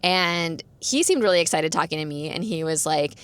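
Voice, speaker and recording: A woman's voice: deep voice, normal speed, fairly bright tone, clear, resonant tone, no echo. A young woman hosting a podcast, chatting casually on her own and filling her talk with "like". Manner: chatty, peppered with "like". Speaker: podcast host. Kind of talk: casual solo chat.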